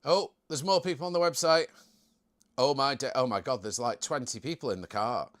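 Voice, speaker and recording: A man's voice: mid-range voice, fairly quick, fairly bright tone. A young man hosting a casual live stream, chatting in a jokey way and reading out viewer comments.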